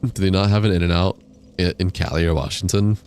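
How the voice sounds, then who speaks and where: Low-voiced young man streaming a game. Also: brisk. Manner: slangy, reads viewer chat aloud and answers it. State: hiccuping. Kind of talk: casual live-stream chat while gaming. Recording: game sounds and explosions behind voice. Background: loud game noise, artillery fire.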